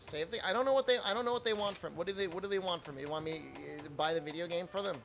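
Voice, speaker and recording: A man's voice: sits high, very fast, creaky, fairly bright tone, faint music behind. A man streaming a video game, chatting casually with his chat, answering questions and laughing often.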